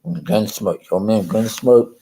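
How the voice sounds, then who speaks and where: Slow, low-voiced rambling man streaming. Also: dark tone, low-quality recording. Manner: rambling and hesitant, full of ums and restarts; chuckles often between thoughts. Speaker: live streamer and ventriloquist. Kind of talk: casual live-stream chat.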